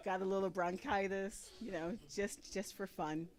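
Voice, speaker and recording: A woman's voice: mid-range voice, steady tone, normal speed, dark tone. A woman in her forties doing a stand-up comedy set on a live stage, with a brash, profane, punchy delivery. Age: 40s.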